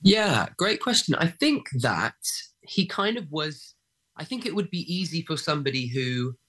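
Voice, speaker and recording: A young man talks through his thoughts in a relaxed interview. He hesitates often, looping back with ums and restarts before landing his point. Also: on the high side, normal speed. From England. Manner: hesitant, many fillers and restarts. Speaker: actor guest. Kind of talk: casual interview chat.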